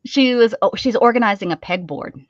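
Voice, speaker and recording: A woman's voice: a little high, animated, a little fast, no echo, lo-fi sound. A middle-aged woman hosting a crafting stream, chatting casually with frequent laughs and rambling restarts. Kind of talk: casual chat while crafting.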